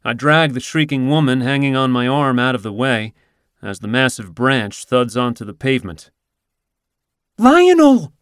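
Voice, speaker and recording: A man reading a first-person story in a wry, even manner. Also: medium pitch, normal speed, clean tone, no echo, clean studio sound. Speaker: narrator. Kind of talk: scripted first-person narration.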